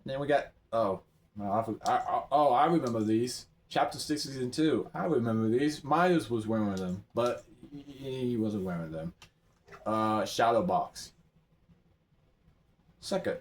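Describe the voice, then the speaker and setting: A man rambling through a game's item shop in casual commentary, excitable, his voice often jumping up high. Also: unhurried. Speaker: gamer browsing an item shop.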